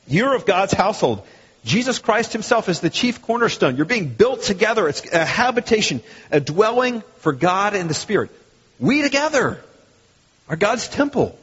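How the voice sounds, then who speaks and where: A man preaching a sermon as a pastor, animated and fond of rhetorical questions and repeated phrases. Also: high voice, slightly rough. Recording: long hall reverb, dull lo-fi sound.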